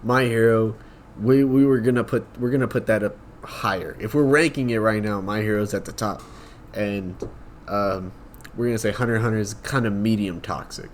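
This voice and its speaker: A man's voice: lowish voice, steady tone, normal speed, a little hiss or hum. A young man co-hosting a casual podcast, speaking bluntly and emphatically. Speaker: podcast co-host. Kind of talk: casual chat.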